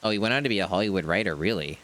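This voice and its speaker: A man's voice: deep voice, racing, a bit bright. A man streaming a video game, musing aloud in a rambling, casual let's-play commentary.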